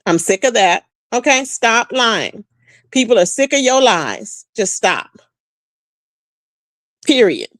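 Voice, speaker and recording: A woman hosting a casual livestream, gossiping with viewers in an animated, chatty way and calling them "child" and "boo". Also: medium pitch, slow, long pauses, dry recording, clean studio sound. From Texas.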